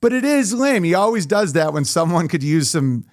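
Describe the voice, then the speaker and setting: A man talks with a comic's animated energy, chatting loosely as a podcast guest and breaking into quick mocking impressions. His voice sits a bit high for a man, and the studio sound is close and dry. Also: dry recording. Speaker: comedian guest. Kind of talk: casual podcast chat.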